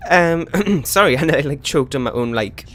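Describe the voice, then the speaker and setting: A man giving casual gameplay commentary as a let's play host, rambling and chatty with many fillers and quick laughs. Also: a little high, lively intonation, fairly bright tone.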